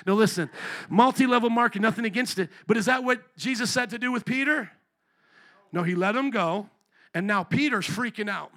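A male pastor preaching a sermon in an animated, joking way, calling out to the congregation. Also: sits high, a little fast.

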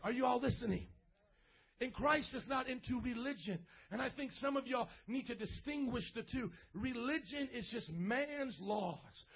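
A man preaching an energetic, slang-filled sermon at a church service, often breaking into shouts. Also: very high-pitched, breathy edge, dull audio. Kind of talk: lively youth sermon.

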